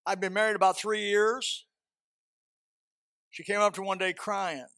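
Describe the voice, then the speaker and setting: A male preacher with a high, bright, ringing voice delivers a fervent sermon. He tells homespun stories, repeats his key phrases, and often climbs into loud, high-pitched outbursts. The sound is dry and close. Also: steady tone, unhurried, no room sound. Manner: folksy storytelling with repeated phrases.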